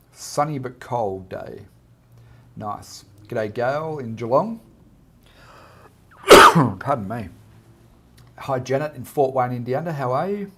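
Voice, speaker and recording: A man's voice: medium pitch, a bit bright. A man with an Australian accent, hosting a casual live art chat and greeting viewers by name as he reads out their comments.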